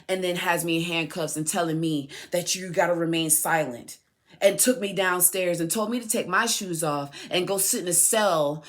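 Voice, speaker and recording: Impassioned woman telling a story, low voice. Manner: impassioned storytelling with rhetorical questions; heated, repeats and restarts phrases. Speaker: mother addressing her son. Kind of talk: personal podcast monologue.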